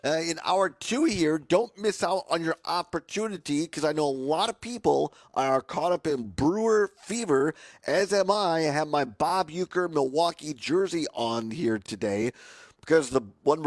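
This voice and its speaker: A man hosting a radio talk show, his voice raspy today, chatty and upbeat. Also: fairly high pitch, dry recording. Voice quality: upbeat, chatty, plugs and promos.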